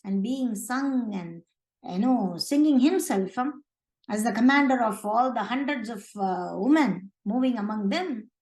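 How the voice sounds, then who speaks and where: A woman's voice: fairly high pitch, animated, a little slow, darkish tone, reverberant, rough recording. A woman retelling a scripture story in conversational English, with many fillers and restarts.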